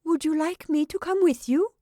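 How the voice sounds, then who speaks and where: A woman's voice: very high-pitched, normal speed, warm tone, no room sound, voice pushed up. A woman voicing a sullen, contemptuous young Italian woman in a dry, close recording. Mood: disdainful. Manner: curt, disdainful.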